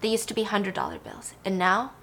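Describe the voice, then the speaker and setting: A woman recapping a film in a chatty, animated way, swearing now and then. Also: medium pitch, brisk, creaky.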